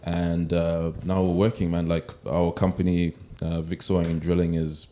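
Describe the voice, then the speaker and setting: Low-voiced male guest, laid-back anecdotal delivery, echoey noisy room. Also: moderate pace. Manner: relaxed storytelling, soft hesitant fillers. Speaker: podcast guest. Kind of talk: casual conversation. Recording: echoey room with background noise.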